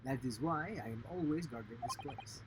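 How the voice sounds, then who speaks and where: A man voicing a surly, gruff male ship's guard with a put-on Russian accent and broken, blunt English. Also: medium pitch, normal speed, heavy background noise, close to an everyday voice.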